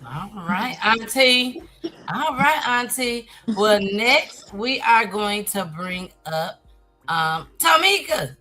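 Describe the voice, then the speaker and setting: A woman's voice: fairly high pitch, animated, slow pace, pushed and bright, soft background music. A woman hosting an online talk show, greeting and bringing up guests, calling them "girl.". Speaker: host.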